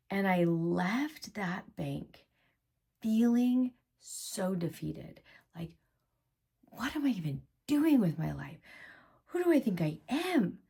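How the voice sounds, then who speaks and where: A woman in her thirties, mother of five, tells her own story to the camera in a casual, animated way, laughing as she goes. Her voice is fairly low with vocal fry, and she drops to a whisper when voicing her inner thoughts.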